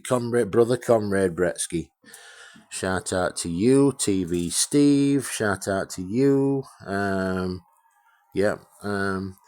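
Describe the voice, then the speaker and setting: A man rambling through a casual workshop vlog about restoring a radio, swearing freely and joking about himself as he gives shout-outs. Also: deep voice. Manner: rambling, sweary, self-deprecating.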